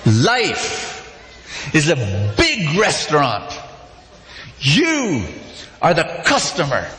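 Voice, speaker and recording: Slow, animated male preacher in echoey hall. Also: a little high. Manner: animated, repetitive, prompts audience. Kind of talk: sermon with audience call-and-response. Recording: echoey hall, faint noise.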